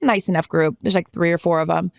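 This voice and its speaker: A woman's voice: lowish voice, fast, creaky, dry recording, studio quality. A woman co-hosting a podcast, telling stories in a blunt, impatient way and acting out what other people said. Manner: blunt, impatient storytelling with acted-out quotes. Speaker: podcast co-host. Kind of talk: casual chat.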